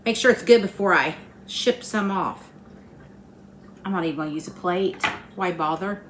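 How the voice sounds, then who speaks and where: Her voice here is fairly low, a bit bright, at a moderate pace, with slight background noise. The Appalachian-accented host of a home cooking channel chats warmly and casually with viewers while baking.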